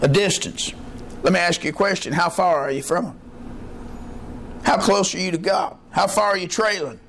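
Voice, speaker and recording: A pastor preaching an evening church sermon in a folksy way, often calling out "Amen" and asking the congregation questions. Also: male voice, high voice, normal speed, a bit bright, a little hiss or hum. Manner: folksy preaching with frequent "Amen" call-outs. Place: church service with a responding congregation.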